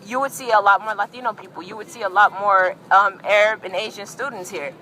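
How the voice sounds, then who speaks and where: A woman's voice: mid-range voice, fairly even intonation, brisk, sharp tone, low-quality recording. A woman organizer speaking at an outdoor rally, rambling with many fillers.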